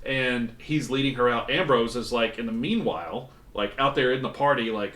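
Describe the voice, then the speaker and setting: A man's voice: mid-range voice, normal speed, hardly any pauses, a bit bright, echoey room. A man running a tabletop role-playing game in person, narrating with lots of restarts and fillers. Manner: rambling, with many restarts and fillers. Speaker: game master. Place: room shared with players.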